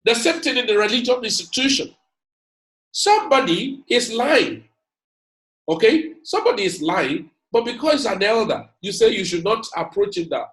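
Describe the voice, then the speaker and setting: A man's voice: sits high, sing-song, moderate pace, a bit bright, rough recording. A man giving an emphatic motivational lecture, repeating his points and calling out to his audience. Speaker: speaker.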